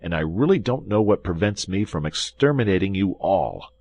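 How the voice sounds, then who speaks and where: A man's voice: sits low, animated, moderate pace, gravelly, darkish tone, no echo, voice pushed up, exaggerated voice. A man voicing an angry young swordsman who speaks in a stern, commanding, threatening way. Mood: furious.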